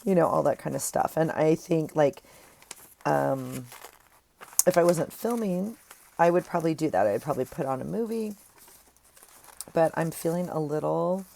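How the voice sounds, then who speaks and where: This craft vlogger chats casually and amiably to viewers at her desk, recorded through an earphone mic with a little hiss or hum. Her deep, gravelly, dark voice is expressive at a normal speed, broken by long pauses.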